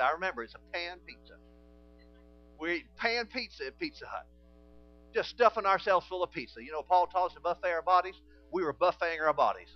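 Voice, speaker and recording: A man preaching a sermon, telling stories and acting out conversations in quieter voices. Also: high voice, lo-fi sound. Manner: animated storytelling, acting out dialogue in quiet voices.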